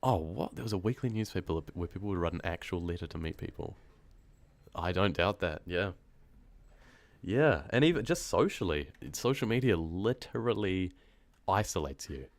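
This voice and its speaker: A man with a very low voice chats casually into a close microphone, his nose stuffed up from a cold. He rambles, teases himself and laughs often. The sound is dry, with no room around it. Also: animated, moderate pace, no echo. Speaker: horror story narrator streaming live. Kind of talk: casual live-stream chat, reading comments.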